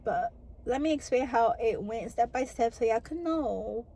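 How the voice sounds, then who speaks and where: A young woman talks to her camera in a loose, chatty storytime manner. Her voice sits a little high, and she sprinkles "like" and "girl" through her sentences as she goes. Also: lively intonation, a little slow, dark tone, slightly rough, low-quality recording. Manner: chatty, lots of "like" and "girl" fillers. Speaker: vlogger. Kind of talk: casual storytime chat to camera.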